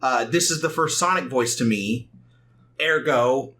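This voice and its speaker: A man doing casual let's play commentary, animated and quick to laugh. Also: mid-range voice. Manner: animated, laughs often, breaks into excited exclamations.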